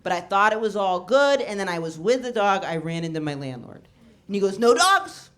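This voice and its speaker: A woman comedian performing a stand-up set, telling stories in a deadpan way and acting out the people in them. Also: mid-range voice, fairly quick. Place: comedy show before a laughing audience. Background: audience laughter.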